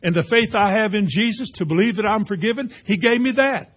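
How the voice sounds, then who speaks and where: A man preaching a folksy sermon, rising to loud emphatic peaks. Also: high voice, brisk, husky. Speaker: pastor.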